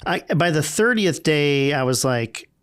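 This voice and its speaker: A man in casual podcast conversation, talking in a relaxed, halting way with many fillers and restarts. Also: a little high, clean tone. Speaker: podcast guest.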